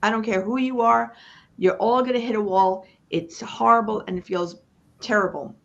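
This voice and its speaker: A woman coach gives a motivational talk on a live online panel. Her pitch sits in a middle range, and she hammers home points in chant-like repeats with dramatic pauses. The stream audio sounds a bit dull and lo-fi. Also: creaky, a bit bright. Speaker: business coach guest.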